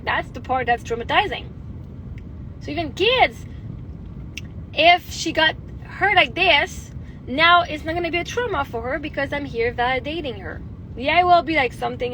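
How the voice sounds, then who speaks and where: A young Québécoise mother with a high voice, pushed and bright, rambles and swears freely during a candid phone livestream chat. She has a Québécois French accent, and the rough recording carries slight background noise.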